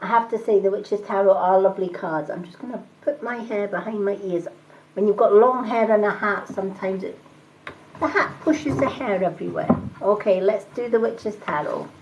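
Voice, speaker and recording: A woman doing live-stream tarot readings, talking calmly and reassuringly and greeting viewers by name. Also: mid-range voice, moderate pace, dull audio, noisy background. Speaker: tarot reader and medium.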